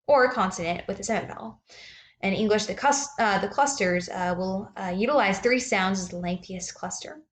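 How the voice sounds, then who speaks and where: A woman giving a slide presentation on language, speaking hesitantly with many ums and uhs. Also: medium pitch.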